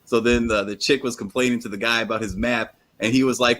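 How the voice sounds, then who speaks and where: A man's voice: medium pitch, fairly even intonation, quick pace, hardly any pauses, fairly bright tone. A man co-hosting a live stream in casual banter, brash and joking, swearing freely. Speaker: co-host of a wrestling watch-along stream.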